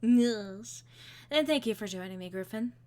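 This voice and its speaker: A woman's voice: mid-range voice, unhurried, dark tone. A woman streaming a game and chatting casually with a co-host and viewers, playful and full of fillers.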